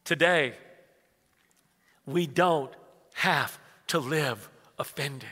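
A man, preaching a conversational sermon full of stories, swinging from hushed asides to loud bursts. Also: fairly high pitch, extremely slow. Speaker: pastor. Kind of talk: sermon with storytelling. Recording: reverberant church hall.

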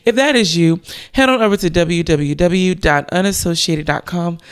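A young woman hosting a devotional podcast, talking earnestly and encouragingly with slow emphasis. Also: fairly low pitch, smooth. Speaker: podcast host.

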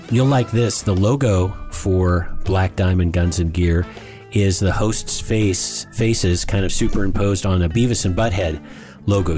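Earnest low-voiced male podcast host. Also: a little mellow. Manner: earnest, emphatic, repeats words. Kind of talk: casual podcast talk.

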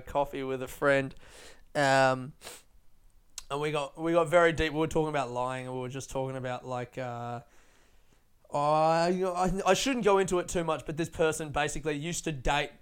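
Hosting his own podcast from a friend's living room, a man chats casually on his own, rambling, laughing, and swearing freely as he pokes fun at himself. His voice is fairly high-pitched and clean, at a normal speed.

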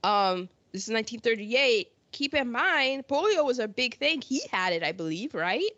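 A woman's voice: fairly high pitch, lively intonation, moderate pace, a bit bright, dry recording. Chatty podcast woman, laughs a lot, dry slightly muffled sound. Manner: chatty, laughs often, trails into asides. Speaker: podcast co-host. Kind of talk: casual chat about old films.

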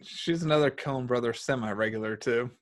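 A man's voice: mid-range voice, a little fast. A man co-hosting a casual film review chat, reflective and a bit hesitant, often repeating words. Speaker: podcast co-host.

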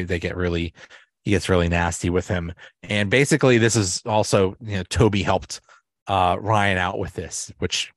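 A man's voice: low-pitched, no room sound, clean studio sound. A man hosting a podcast, recapping TV episodes in a casual, rambling way with lots of fillers and restarts. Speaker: podcast host.

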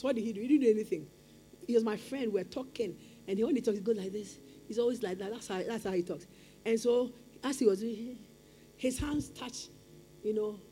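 Woman preacher, high mellow voice, emphatic repetition. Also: slight background noise. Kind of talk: sermon.

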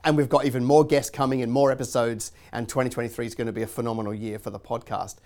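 A man's voice: mid-range voice, flat delivery, fast talker, a little mellow. A man hosting a podcast and talking casually, with plenty of fillers. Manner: chatty, many fillers like "you know". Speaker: podcast host. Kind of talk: casual podcast intro and talk.

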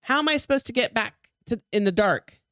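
A woman's voice: fairly high pitch, expressive, a little fast, a bit bright, dry recording, voice pushed up. A wretched, complaining man, as a woman reads him out, grumbling his demands in a slightly raised voice. The sound is close and dry, with no room around it. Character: wretched grumbling man, shut out of heaven and hell.

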